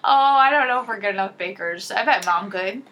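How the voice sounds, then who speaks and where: A woman's voice: medium pitch, a little fast, a little hiss or hum. A woman co-hosting a podcast, chatting casually and teasing her sister as she talks. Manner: chatty, teasing, animated retelling. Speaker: podcast co-host. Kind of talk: casual chat.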